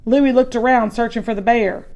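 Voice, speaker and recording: A woman's voice: on the high side, steady tone, normal speed, darkish tone. A woman reading a chapter book aloud to children, adding chatty asides. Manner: chatty asides between story passages.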